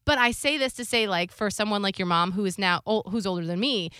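Casting: woman co-host, bright clear voice, candid and confessional, close dry mic. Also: medium pitch, fairly quick, no room sound. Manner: open, confessional, swears casually. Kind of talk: candid conversational storytelling.

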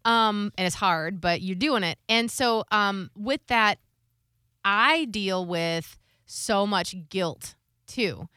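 Casting: woman co-host, bright clear voice, candid and confessional, close dry mic. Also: mid-range voice, slow pace, dry recording. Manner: open, confessional, swears casually. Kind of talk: candid conversational storytelling.

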